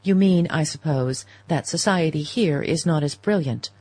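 Woman voicing an exasperated young gentleman. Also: deep voice, normal speed, breathy edge, no room sound. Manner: impatient, arguing. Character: exasperated young gentleman, her grown son. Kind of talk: audiobook character reading.

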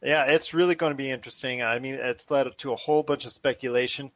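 A man's voice: mid-range voice, steady tone, quick pace, a bit bright, no echo. A man hosting a casual pop culture podcast, talking enthusiastically with repetitive, rambling phrasing. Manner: enthusiastic, repetitive phrasing, addresses guest as my friend. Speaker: podcast host.

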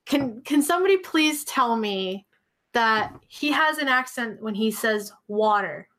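A woman from Maine co-hosts a casual live stream, reading viewer comments and teasing her partner with lots of giggles. Her voice sits somewhat high. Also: expressive, unhurried, fairly bright tone, rough recording. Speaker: co-host reading chat.

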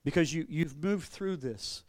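Conversational pastor preaching a testimony sermon. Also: male voice, fairly high pitch, measured pace. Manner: conversational, repeats words, laughs, acts out quotes.

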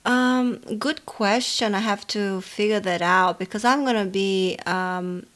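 A woman co-hosting a podcast in casual chat, unhurried and hesitant, pausing on fillers as she talks. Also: mid-range voice, fairly bright tone. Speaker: podcast co-host.

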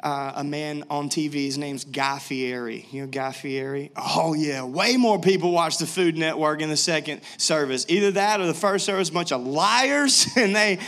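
A young man preaching a sermon in a jokey, lively storytelling way. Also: a little high, normal speed, hardly any pauses. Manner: jokey, animated, laughs often. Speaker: pastor.

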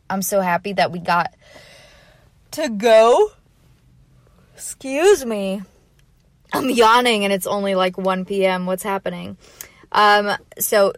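A young woman chats through a casual travel story at an ordinary middle pitch. Her talk is loose and rambling, packed with "like" and "you know". The sound is dry and close, with no room in it. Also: no room sound. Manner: chatty, filler-heavy with frequent "like". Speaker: vlogger.

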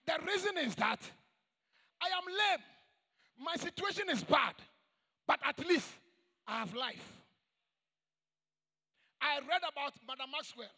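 A man preaching a sermon to a church congregation, emphatic and call-and-response, with shouted high points. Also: gravelly. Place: large church hall. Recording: long echoing church reverb.

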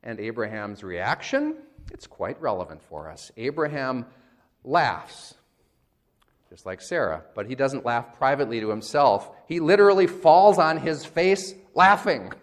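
A man preaches a sermon in a relaxed, wry, conversational way. His voice sits at a medium pitch but rises and falls widely. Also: a little slow. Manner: conversational, wry, acts out quotes. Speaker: pastor.

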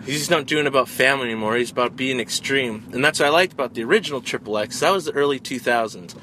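A man's voice: medium pitch, fast talker, bright, forceful tone, slight background noise. Profane man retelling a movie in a car. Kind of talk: casual movie chat.

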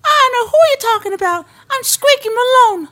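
A woman voicing a small tough-talking mobster in improv comedy, squeaky and combative. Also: lively intonation, brisk, bright, forceful tone, full character voice. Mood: belligerent. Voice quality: very high squeaky voice.

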